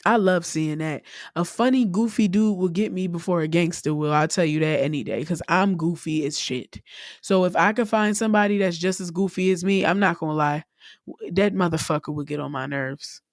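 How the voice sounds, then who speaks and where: A woman's voice: fairly low pitch, fairly quick, dry recording, studio quality. A young woman, hosting a casual solo podcast and talking bluntly and profanely, laughing often. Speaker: podcast host.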